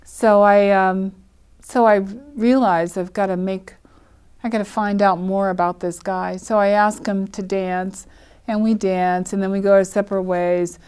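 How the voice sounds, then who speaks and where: A woman's voice: mid-range voice, a little slow, smooth. An older woman telling her own life story, acting out what people said and laughing often as she talks. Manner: lively storyteller who acts out quoted speech and laughs often.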